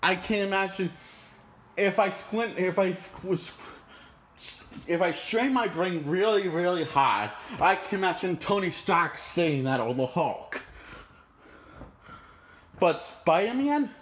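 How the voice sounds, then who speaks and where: A man's voice: high-pitched, expressive, takes it slowly, long pauses, a bit bright, a little hiss or hum. A man reviewing a movie in an indignant, profane, rambling rant. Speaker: movie critic.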